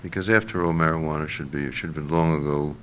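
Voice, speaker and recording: An older man being interviewed, answering in a halting, reflective way with many fillers and restarts. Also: a bass voice, steady tone, a bit bright, a little hiss or hum.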